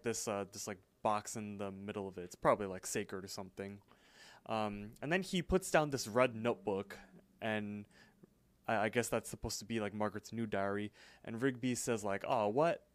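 A man's voice: on the low side, clean tone, dry recording. A man co-hosting a podcast, casually recapping cartoon episodes and quoting the characters' lines in a loose, chatty way. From England. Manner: retells scenes with quick quoted lines, loose and chatty. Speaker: podcast co-host.

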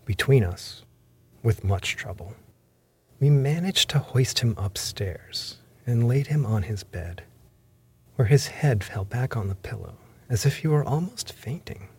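A man reading a story aloud in first-person narration, measured and even. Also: medium pitch, slightly rough. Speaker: audiobook narrator.

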